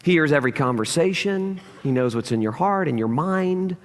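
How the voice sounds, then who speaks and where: Lively-pitched pastor preaching in a hall. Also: male voice, moderate pace. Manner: animated storytelling, acts out quoted lines. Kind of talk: sermon with personal story.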